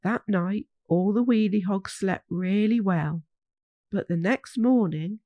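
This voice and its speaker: A woman reading a children's storybook aloud in a gentle, measured way. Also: mid-range voice, dry recording, lo-fi sound.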